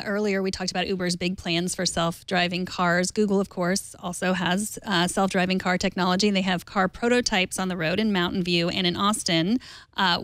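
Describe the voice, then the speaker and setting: A woman hosting a tech news talk show, introducing stories in a relaxed, chatty way with light humor. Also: medium pitch, dry recording. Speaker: host.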